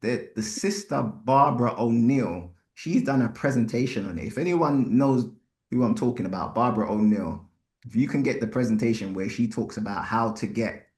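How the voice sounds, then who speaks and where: Man, podcast host, low voice, blunt, animated, roomy echo. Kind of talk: live podcast commentary.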